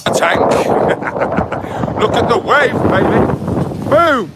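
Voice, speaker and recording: A man's voice: extremely high pitch, lively intonation, extremely slow, loud music behind the voice. A man in his forties vlogging outdoors on a windy seafront, talking in a goofy sing-song way in daft put-on accents. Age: 40s. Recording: heavy wind noise on mic.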